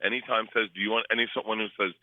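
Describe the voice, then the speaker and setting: A comedian guest telling quick, animated stories and acting out the people in them, laughing as he goes. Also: on the low side, no room sound. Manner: fast storyteller, acts out voices, laughs often. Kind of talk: animated storytelling. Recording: tinny phone line.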